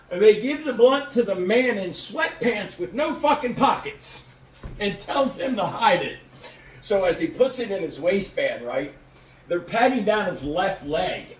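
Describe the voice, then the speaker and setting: A man casually telling a crude, lively story and acting out the people in it. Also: on the high side, a little hiss or hum. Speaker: podcast co-host. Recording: echoey room, mic at a distance.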